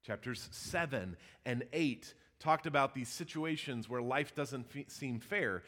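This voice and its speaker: A pastor preaching a sermon in a church, his voice rising emphatically and dropping to a hush. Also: mid-range voice, a little slow. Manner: animated preaching with emphatic rises and hushed drops. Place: church sanctuary.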